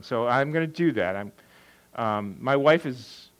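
Lively conversational male pastor preaching. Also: mid-range voice, normal speed, rough recording. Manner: conversational preaching, asks and answers his own questions. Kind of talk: sermon.

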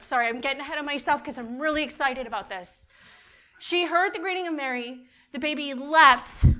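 A middle-aged woman giving an animated, emotional sermon to a group, repeating key words for emphasis. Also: high voice. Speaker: women's ministry speaker.

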